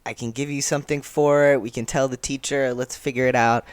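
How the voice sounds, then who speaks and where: A man's voice: mid-range voice, fairly even intonation, fairly quick, clean tone, dry recording, close to an everyday voice. A man voicing a caring teenage boyfriend, eager and concerned. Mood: worried. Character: worried caring teen boyfriend.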